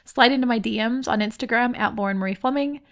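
A woman hosting a podcast, talking in a chatty, expressive monologue and calling herself loud. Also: fairly high pitch, fast talker. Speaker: podcast host.

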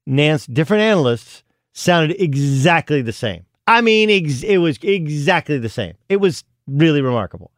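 A man's voice: a little high, big pitch swings, moderate pace, dry recording, studio quality. A middle-aged man co-hosting a sports radio show, chatting casually and rambling with many restarts. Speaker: guest co-host, college basketball analyst.

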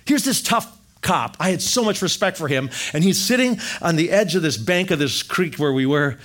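Male speaker, middle-aged, animated storyteller, slightly higher voice, shares a personal faith testimony. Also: normal speed. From Wisconsin.

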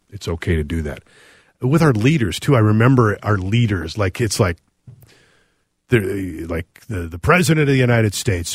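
Low-voiced man hosting a radio talk show. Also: husky, no room sound, clean studio sound. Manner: earnest, reflective, with frequent "uh" pauses. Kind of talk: radio call-in talk, reading listener texts.

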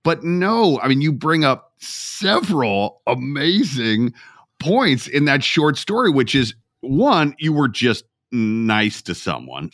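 A man's voice: mid-range voice, very animated, takes it slowly, a bit bright, no echo, clean studio sound. A male podcast host in a casual interview, enthusiastic and affirming toward his guest.

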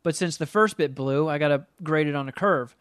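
A man's voice: a little high, brisk, fairly bright tone, clear, resonant tone, no echo, clean studio sound. A man on a podcast ranting about a movie he hated in a casual, profane, exasperated way. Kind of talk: casual comedic movie rant.

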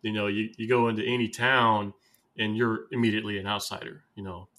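An American man hosting a casual podcast, with a low but bright, forceful tone. He rolls from one anecdote to the next and laughs readily. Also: flat delivery, a little fast. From United States. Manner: chatty, anecdotal, laughs easily. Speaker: podcast host.

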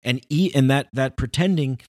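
A man's voice: medium pitch, normal speed, a little mellow, no echo, clean studio sound. A man talking in a casual, rambling, philosophical monologue with emphatic bursts.

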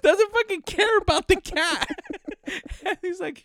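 A man co-hosting a casual podcast chat, animated and laughing often, swearing freely and acting out movie lines. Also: very high-pitched, measured pace, no echo, studio quality. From United States. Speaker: podcast co-host.

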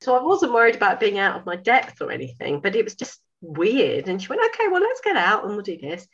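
A woman in her fifties, a sewing school owner, telling a story in a lively way, acting out dialogue and laughing. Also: mid-range voice, brisk, breathy edge, lo-fi sound. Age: 50s. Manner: animated, laughing, acts out dialogue. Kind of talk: casual storytelling.

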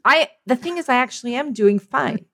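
Animated, rambling woman with a lively voice. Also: high voice, brisk. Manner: rambling, self-mocking, acts out her own inner voice. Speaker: podcast co-host. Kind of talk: casual chat.

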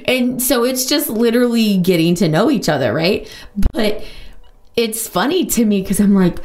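A woman hosting a podcast, talking openly and casually about her own life, with lots of "like" and quick asides. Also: mid-range voice, animated, darkish tone. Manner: open, chatty, full of "like" and quick asides. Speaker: podcast host. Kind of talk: candid personal monologue.

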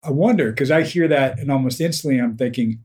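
A man leading the conversation, reflecting back and probing gently. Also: mid-range voice, fairly quick. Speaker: interviewer.

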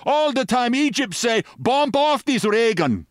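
A man voicing an excitable foreign gangster who shouts in broken English. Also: very high voice, unhurried, no echo, studio quality, voice pushed up, heavily acted. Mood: excited.

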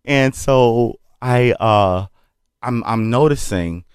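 A man, a comedian guest, telling a story in casual chat, animated and profane, acting out what others said. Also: medium pitch, takes it slowly, smooth, no room sound, studio quality. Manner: animated, profane, acts out quotes.

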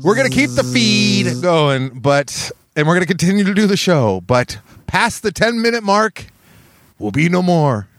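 A man's voice: sits high, sing-song, normal speed, a bit bright. A man hosting a podcast in casual chat, rambling and restarting his sentences, often breaking into laughs. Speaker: podcast host.

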